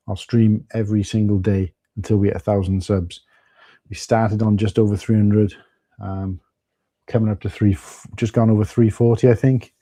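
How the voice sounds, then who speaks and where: A man's voice: lowish voice, little pitch movement, moderate pace, mellow, dry recording. A man with a Welsh accent hosting a casual live stream, chatting loosely and greeting viewers by name. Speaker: livestream host. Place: at home.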